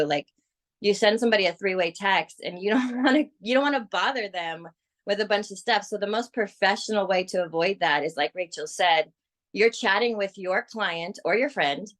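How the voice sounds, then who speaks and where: Energetic woman coaching her team. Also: medium pitch. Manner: energetic, persuasive, acts out quoted clients. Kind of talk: coaching on a team video call.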